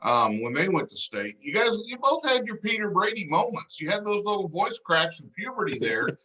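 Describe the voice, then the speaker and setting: A jokey male host of a sports talk show, with a higher voice and a bright, forceful edge. He ribs his guest in easygoing chat. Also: sing-song, moderate pace, low-quality recording. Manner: teasing, jokey. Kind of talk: casual chat.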